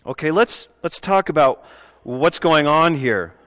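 Guy preaching a sermon, kinda high voice, joking with the congregation, echoey church hall. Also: lively intonation, measured pace, fairly bright tone. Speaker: pastor. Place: church sanctuary. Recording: long reverb of a church hall.

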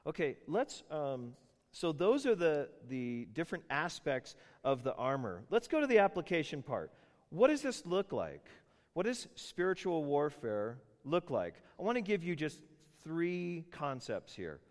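A man's voice: a little high, big pitch swings, measured pace, long reverb tail. A man preaching a sermon in a conversational, teaching manner, stressing points and asking rhetorical questions.

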